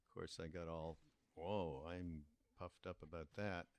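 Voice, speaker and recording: An older man hosting a podcast, telling a story in a reflective, meandering way with pauses and restarts. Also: sits low, steady tone. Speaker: podcast host. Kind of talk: casual spoken storytelling.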